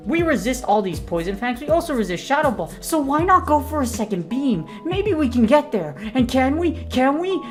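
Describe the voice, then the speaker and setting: Hyped woman commentating a game battle. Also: lowish voice. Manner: hyped, slangy and joking. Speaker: gaming content creator. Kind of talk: gameplay commentary.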